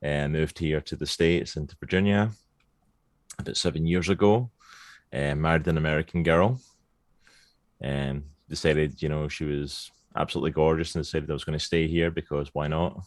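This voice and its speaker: A Scottish man in his thirties, a podcast guest chatting casually and telling stories with lively laughter. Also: rumbling low, normal speed, dry recording. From Scotland. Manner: animated storyteller, laughs often. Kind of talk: casual chat.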